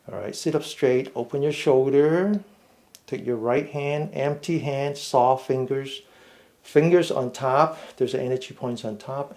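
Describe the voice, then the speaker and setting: A middle-aged man leading a seated mindful fitness class, giving slow, patient step-by-step cues. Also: mid-range voice, darkish tone. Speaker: fitness and meditation instructor. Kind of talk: guided seated exercise class.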